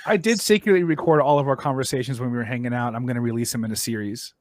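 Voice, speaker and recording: A man's voice: mid-range voice, very fast, dry recording, studio quality. A man co-hosting a casual stream, ranting bluntly with a lot of profanity. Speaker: co-host.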